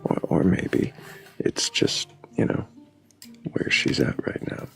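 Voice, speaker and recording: A man hosting a livestream, talking in a calm, measured, gently wry way. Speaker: livestream host. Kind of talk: casual livestream chat.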